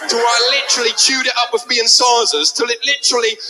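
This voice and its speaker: A man's voice: very high voice, flat delivery, quick pace, a crowd in the background, rough recording. A comedian putting on a fussy, overly proper British man, with a mock British accent and formal, exaggerated wording. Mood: prim. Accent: put-on British.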